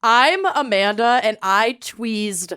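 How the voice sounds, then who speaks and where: Smooth, slow-talking woman podcast host. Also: fairly high pitch, pushed and bright. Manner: dry, self-mocking. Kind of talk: casual chat.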